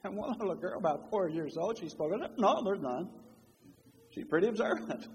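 A male preacher delivers an emphatic sermon, his high, husky voice swinging widely up and down. He quotes scripture in old-fashioned wording, and the long reverb of a large church hall trails each phrase. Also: expressive, quick pace, darkish tone, highs cut off.

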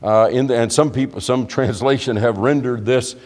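A man preaches to his congregation in an explanatory, conversational tone, often restarting his sentences. His voice sits at an ordinary middle pitch. A long reverb from the church hall hangs on every phrase. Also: steady tone, moderate pace, darkish tone. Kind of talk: sermon.

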